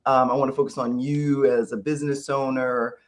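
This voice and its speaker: A man's voice: medium pitch, little pitch movement, fairly quick. Man hosting a leadership podcast. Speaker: podcast host. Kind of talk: conversational interview.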